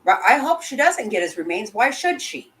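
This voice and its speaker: A woman's voice: on the high side, very animated, normal speed, fairly bright tone, rough recording. Woman, livestream host, casual commentary, blunt, indignant, profane. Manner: blunt, indignant, swears freely. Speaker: livestream host reading chat.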